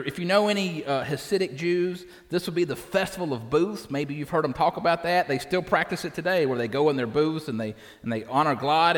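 Animated preacher man in a reverberant hall. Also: on the high side. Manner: animated, asks the congregation questions. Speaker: pastor. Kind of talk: sermon.

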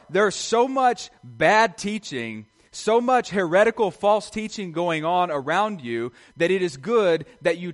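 A man preaching a sermon as pastor, earnest and repetitive, often asking rhetorical questions to his congregation. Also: high-pitched.

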